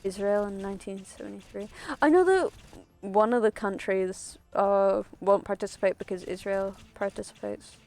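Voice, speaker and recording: A woman's voice: mid-range voice, moderate pace, darkish tone. A woman streaming a video game, chatting casually in a rambling, self-interrupting way and laughing often.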